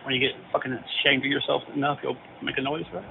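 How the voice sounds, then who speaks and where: A man's voice: medium pitch, fairly even intonation, fast talker, vocal fry. A man on a prank call, mocking and goading a stranger with crude insults. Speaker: prank caller. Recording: noisy phone-line audio.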